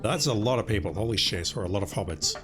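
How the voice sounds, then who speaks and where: A hoarse man streaming a game, making wry, profane asides in casual commentary. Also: lowish voice, animated, fast, music in the background. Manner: wry, profane asides between reading quest text.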